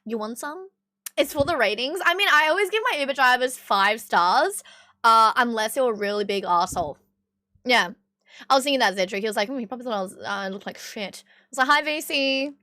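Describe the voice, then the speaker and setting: A young Australian woman streamer telling stories in casual chat, animated and swearing freely as she acts out the people she met. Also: on the high side, fairly quick, dry recording, studio quality.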